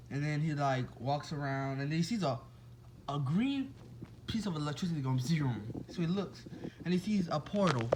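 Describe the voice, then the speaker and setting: A man's voice: fairly high pitch, slight background noise, rough recording. A man casually improvising a fan-fiction story, rambling along with restarts and asides to his listeners.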